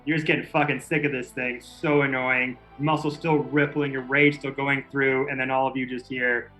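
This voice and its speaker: A man's voice: mid-range voice, little pitch movement, moderate pace, bright, forceful tone, soft background music, low-quality recording. A man running a tabletop game as game master, explaining rules and describing the action in a loose, casual way. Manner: casual, laid-back rules talk with swearing.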